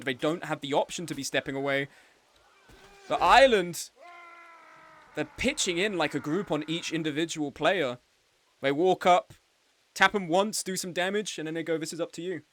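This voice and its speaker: A man's voice: on the high side, a bit bright. A young man giving live, joking play-by-play commentary on a game tournament as the streaming host. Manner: chatty and joking, with frequent laughs.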